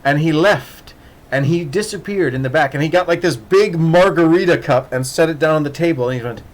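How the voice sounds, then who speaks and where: A man's voice: a little high, a little fast. A man telling a casual, rambling story with many restarts and laughs, acting out voices in the quoted dialogue. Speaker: podcast host.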